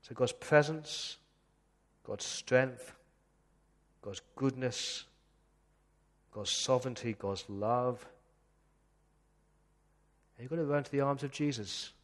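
Earnest male pastor in a reverberant hall. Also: medium pitch. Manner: earnest, slows down to read scripture. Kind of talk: sermon. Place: church.

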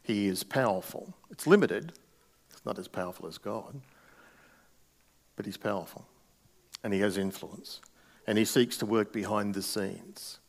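A man's voice: fairly low pitch, measured pace, pauses often. A middle-aged male pastor preaching a sermon in a conversational way, with wry asides.

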